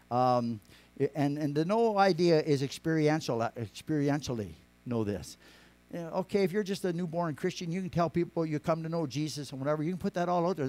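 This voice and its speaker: A man preaching a sermon, rambling with many restarts, rising to emphatic lines and dropping to quiet asides. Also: fairly high pitch. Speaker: pastor.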